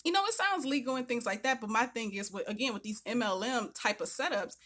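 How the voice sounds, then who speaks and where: Woman vlogger, bright voice, chatty storyteller who acts out quotes. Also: on the high side, fast talker. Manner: chatty, animated retelling with acted-out quotes. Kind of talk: casual storytelling to camera.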